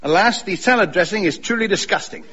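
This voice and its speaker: A man playing a cheerful, dim-witted Victorian gentleman with silly schemes in a comic radio play. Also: high-pitched, lively intonation, fairly quick, slight background noise. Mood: earnest. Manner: giddy, silly, laughing at himself. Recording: dull lo-fi recording with clicks.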